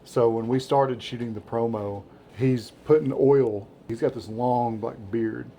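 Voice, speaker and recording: A man with a Southern American accent, a guest in a casual interview, telling lively stories and acting out what others said. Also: mid-range voice, measured pace, slight background noise. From Southern United States. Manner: animated storyteller who acts out quotes. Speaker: interview guest, beard care brand founder.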